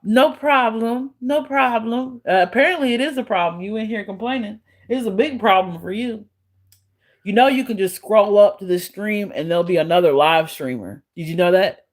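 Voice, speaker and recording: A woman's voice: medium pitch, brisk. A woman live streamer chatting casually with her viewers, blunt and profane, often breaking into laughter as she answers trolls.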